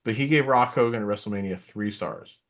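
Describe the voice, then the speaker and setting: A man's voice: on the low side, fairly quick. A middle-aged man co-hosting a podcast, chatting casually about wrestling in a rambling way with lots of fillers. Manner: rambling, filler-heavy, animated asides. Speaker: podcast co-host.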